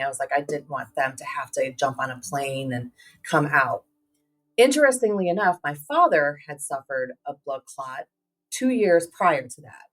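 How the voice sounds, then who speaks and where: A middle-aged woman, a podcast guest, telling a personal story in lively fashion and acting out what others said. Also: low voice. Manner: lively retelling with quoted dialogue and fillers. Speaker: guest, public health advocate. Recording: distant mic with faint music.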